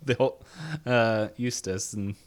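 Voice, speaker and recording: A man co-hosting a podcast, casually retelling a cartoon episode in a rambling way with quick acted quotes. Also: medium pitch, expressive, smooth. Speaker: podcast co-host.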